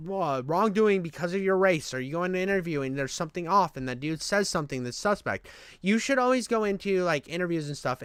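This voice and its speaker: A man's voice: high-pitched, a bit bright, smooth, no room sound. A man hosting his channel, ranting casually, profane and rambling with many restarts. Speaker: channel host.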